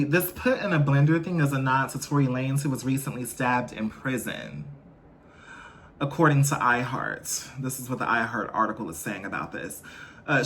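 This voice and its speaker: A man's voice: medium pitch, a bit bright, a little hiss or hum. A man hosting a celebrity gossip vlog, chatty and ranting, tossing in playful asides to his viewers. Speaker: host.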